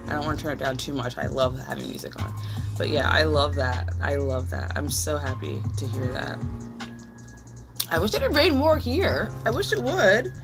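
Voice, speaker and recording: A woman's voice: sits low, vocal fry. A young woman hosting a casual live stream, chatting and gushing as she answers viewers' messages. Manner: gushing and chatty, reads and answers chat aloud. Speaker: livestream host. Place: home desk. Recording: music playing behind the voice.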